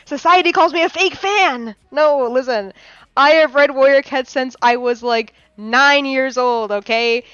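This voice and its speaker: A woman's voice: high-pitched, measured pace, a bit bright, smooth, no room sound, highs cut off. A woman of twenty hosting a live art podcast, chatting casually, playful and dramatic, laughing often. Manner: playful, dramatic, laughs a lot, mock-outraged bursts. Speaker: podcast host. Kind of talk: casual live-stream chat.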